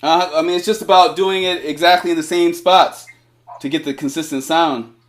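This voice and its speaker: A man whose voice runs on the high side, with fairly even intonation and a moderate pace, teaches DJ scratching over a cellphone video call. The one-on-one lesson is casual, and he's eager and encouraging, speaking in filler-heavy, loose bursts.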